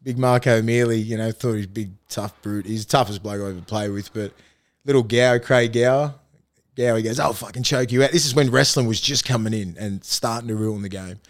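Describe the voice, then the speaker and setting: A man's voice: fairly low pitch, brisk. A man with an Australian accent, a former rugby league player, telling rambling, profane anecdotes with frequent laughter in a casual podcast chat.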